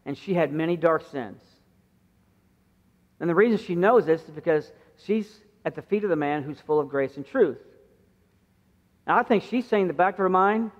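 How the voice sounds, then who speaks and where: Middle-aged male pastor, high-pitched, conversational sermon, muffled recording with long church reverb. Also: lively intonation, normal speed, long pauses. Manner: conversational preaching, acting out quoted voices with rising pitch. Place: church sanctuary.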